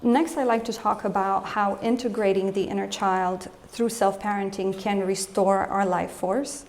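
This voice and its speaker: A woman's voice: mid-range voice, steady tone, normal speed, a little mellow. A woman in a mid-range voice gives a live lecture as an emotional health coach. She keeps it conversational and turns to the room with questions. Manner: conversational, poses questions to the audience; acts out scolding voices in quotes.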